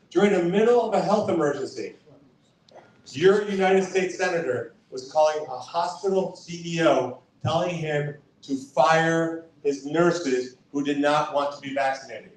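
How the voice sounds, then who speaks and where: A man's voice: a little high, moderate pace, slight background noise. A man giving a campaign stump speech. He talks emphatically, whose first language is Spanish, and repeats key lines for effect. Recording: echoey hall from far off.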